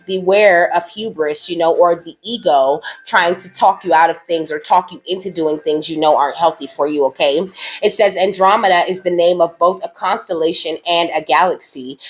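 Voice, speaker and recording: Lowish-voiced woman giving a cozy card reading. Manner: tags nearly every sentence with "okay?"; affectionate, reassuring, speaks directly to the viewer. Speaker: spiritual card reader. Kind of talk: casual oracle card reading to camera.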